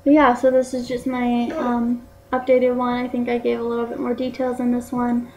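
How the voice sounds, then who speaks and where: A woman's voice: fairly high pitch, completely flat delivery, moderate pace, dark tone, slight background noise, low-quality recording. A young woman vlogging casually to camera, rambling with many fillers like "like" and "um". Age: young adult.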